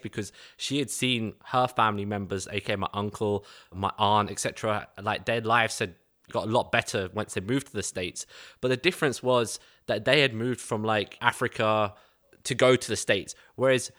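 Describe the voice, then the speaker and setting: London-accented young male guest, low flat delivery, dry close sound, explains at an even pace. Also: dry recording. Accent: London English. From East London, England. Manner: measured, explanatory, filler "like"s. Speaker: podcast guest. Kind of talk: casual interview answers.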